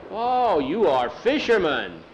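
A man's voice: medium pitch, normal speed, highs cut off, slight background noise, close to an everyday voice. Manuel, a man doing a kindly old camp cook. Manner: soft fatherly broken English.

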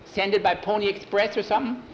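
A man voicing an eager, cheeky young cowhand in a high, excited voice. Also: fast, highs cut off, heavy background noise, natural voice.

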